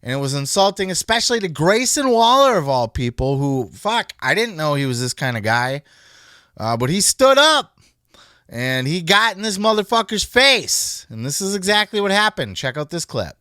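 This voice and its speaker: A man hosting a wrestling podcast, talking in a blunt, animated way and swearing a lot. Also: high-pitched, moderate pace, dry recording, studio quality. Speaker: podcast host. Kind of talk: casual profane commentary.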